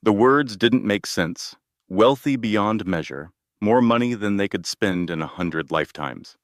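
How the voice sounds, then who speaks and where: Male narrator for a scripted drama story: low register, steady dramatic reading, dry close mic. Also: measured pace, no echo.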